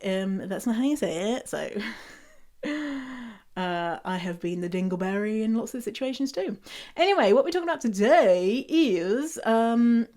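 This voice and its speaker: A woman's voice: medium pitch, darkish tone. A young British woman hosting a casual solo podcast, chatty and full of laughs and swearing. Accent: British English. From England. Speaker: podcast host.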